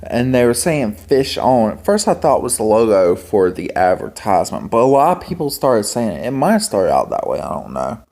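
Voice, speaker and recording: A young man vlogging in a casual, rambling monologue, halting with many ums and restarts. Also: lowish voice, very animated, gravelly, darkish tone. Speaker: homestead vlogger.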